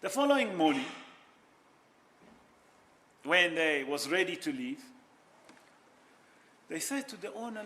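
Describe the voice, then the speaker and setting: Rabbi type, high bright voice, lively storyteller. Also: male voice, slow, long pauses, slight background noise. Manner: animated, mixes Hebrew and Yiddish terms, non-native grammar. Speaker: rabbi teaching a class. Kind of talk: informal Torah class storytelling.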